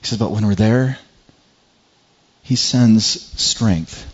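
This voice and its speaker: A man preaching a sermon as a pastor, often repeating his words and climbing higher in pitch when he presses a point. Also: takes it slowly, slightly rough, highs cut off.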